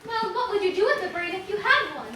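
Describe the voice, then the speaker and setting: A woman's voice: very high voice, lively intonation, fast. A woman on a theater stage playing a young farm girl, earnest and sweetly polite. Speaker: stage actor. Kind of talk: live community theater acting. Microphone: distant audience camera. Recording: echoey theater heard from far off with music.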